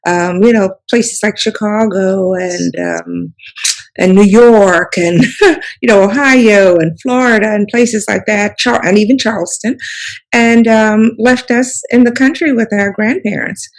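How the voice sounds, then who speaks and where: In poor audio, a woman in her 70s from the South Carolina Sea Islands reminisces with a medium-pitched voice. An author and storyteller appearing as a guest, she speaks in a rambling interview style full of "you know" and restarts.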